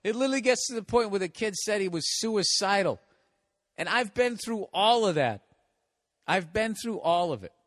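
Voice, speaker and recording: A man's voice: high voice, lively intonation, moderate pace, no room sound, studio quality. A man in his forties with a Boston accent, hosting a podcast alone, telling profane, self-mocking stories with lots of restarts. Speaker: podcast host. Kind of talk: casual rambling monologue.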